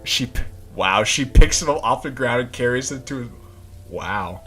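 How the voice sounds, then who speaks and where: A man hosting a gaming channel, giving casual let's play commentary, excitable and quick to swear as he reacts. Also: mid-range voice, faint music behind.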